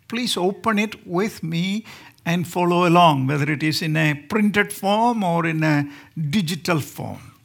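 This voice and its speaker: A man's voice: sits high, creaky, a bit bright. A man from India with an Indian accent, preaching as a guest speaker and joking with the congregation. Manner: joking, asks the congregation questions. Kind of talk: sermon.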